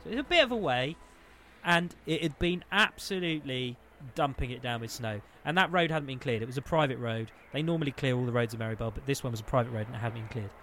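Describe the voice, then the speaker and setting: A man, co-hosting a podcast and telling an anecdote with lively, excitable energy. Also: medium pitch, fast talker, a little hiss or hum. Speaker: podcast co-host. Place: podcast studio.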